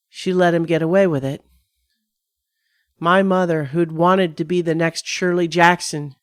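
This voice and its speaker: A woman reads a horror tale in the first person, unhurried and deliberate, every line given room to land. Her voice sits close on the mic in a dead-dry room with no echo at all. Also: sits low. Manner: measured, dramatic first-person reading. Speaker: narrator. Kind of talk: scripted horror story narration.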